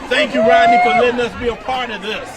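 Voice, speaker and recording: Enthusiastic man off-mic in a loud crowd. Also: very high-pitched, huge pitch swings, quick pace, far from the mic. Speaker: walk participant. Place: outdoor street among a walking crowd.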